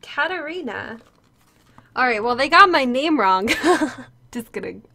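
A woman's voice: sits high, animated, unhurried, vocal fry, pushed and bright. A woman streaming live to her viewers, gushing and tearful as she opens a gift, exclaiming often. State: tearful, close to crying.

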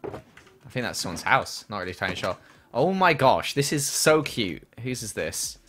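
A man's voice: mid-range voice, sing-song, moderate pace, a bit bright, soft background music. A young man chatting casually on a gaming livestream and answering viewer questions as he plays.

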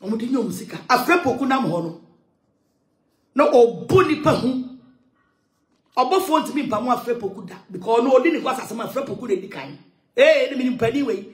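Loud ranting woman. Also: fairly high pitch, lively intonation, normal speed, long pauses, roomy sound. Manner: loud, shouting and sing-song outbursts. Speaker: social media commentator. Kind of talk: heated rant mixing English and Twi.

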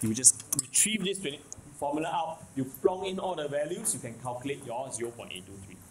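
A man's voice: medium pitch, animated, a little fast, slight background noise, poor audio. A man with a Singaporean English accent giving a math lecture, repeating key points and checking in with the class often. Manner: repetitive, keeps checking in with "okay? can?". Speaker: math teacher.

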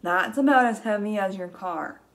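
Reading a picture book to young children, this young teacher keeps things slow and gentle, with big exaggerated gasps of excitement, in a gravelly, medium-pitched voice.

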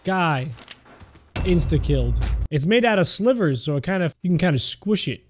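Young man, gameplay commentary, joking, excitable, upper-range voice, clear background music. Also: a little high, moderate pace. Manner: animated, jokey, cries out at on-screen action. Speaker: gaming YouTuber.

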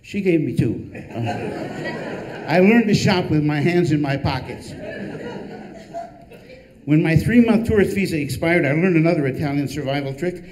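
Wry older man with a mellow voice. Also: a little high, measured pace, long pauses, poor audio. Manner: dry, wry delivery with deadpan punchlines. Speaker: author. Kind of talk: humorous memoir reading.

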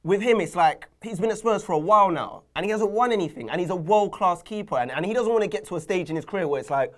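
A man co-hosting a football fan chat, who breaks into loud, theatrical mock outrage. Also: high-pitched, lively intonation, fast talker, hardly any pauses. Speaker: fan channel co-host. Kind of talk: casual chat.

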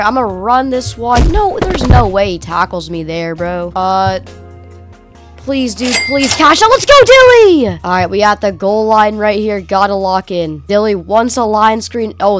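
A woman giving casual, excitable gameplay commentary, cheering and shouting at plays with a slightly strained voice. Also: medium pitch, normal speed, faint music behind. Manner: casual slang. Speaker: gaming channel host.

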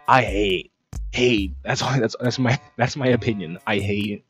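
A man's voice: on the low side, moderate pace, breathy edge, soft background music. A young man streaming casual reactions to comics, sarcastic and rambling, swearing often. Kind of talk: casual profane reaction commentary.

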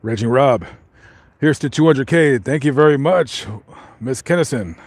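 A man's voice: mid-range voice, normal speed, no room sound. Rambling man chatting on a live stream. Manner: rambling, many fillers and restarts; talking while walking around. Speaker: vlogger reading live chat. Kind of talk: casual live stream chat.

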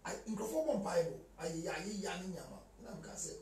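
A man talking in a lively mix of Twi and English as a guest in a casual chat. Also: on the high side, moderate pace, distant mic, a little hiss or hum. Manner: animated, switches between Twi and English. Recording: echoey room, voice from off-mic.

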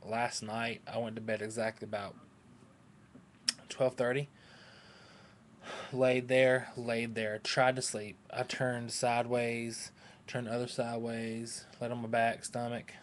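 A man's voice: medium pitch, completely flat delivery, a little slow, a little hiss or hum. A man rambling to his webcam at home, hyper and scattered but tired. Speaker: vlogger. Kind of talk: rambling casual webcam chat.

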